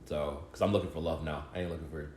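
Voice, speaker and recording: A man's voice: rumbling low, fast talker, a little hiss or hum. A man co-hosting a casual podcast, talking in loose slang with plenty of swearing. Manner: expressive, slangy, swears a lot. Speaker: podcast co-host. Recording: roomy echo.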